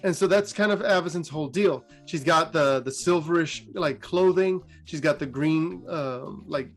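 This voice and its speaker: A man casually retelling fantasy game lore in a chatty way, full of fillers and sudden pitch jumps. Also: moderate pace, faint music behind. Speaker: lore storyteller.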